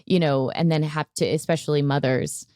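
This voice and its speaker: Woman podcast host, really low voice, chatty and laughy, dry close sound. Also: steady tone, moderate pace, mellow, no echo. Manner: chatty, laughs easily, rambling questions. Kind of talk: casual interview conversation.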